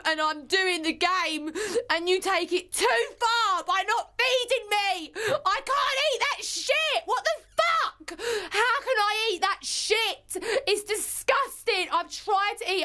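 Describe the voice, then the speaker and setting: Woman, very high bright voice, tearful, swearing, pleading. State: tearful and distressed. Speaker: reality show housemate. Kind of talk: emotional outburst.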